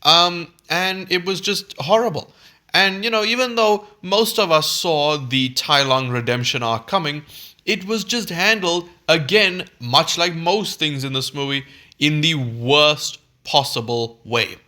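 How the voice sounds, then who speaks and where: A man's voice: fairly high pitch, measured pace, sharp tone. A man giving a heated, exasperated film review, swearing freely and stumbling over restarts when worked up.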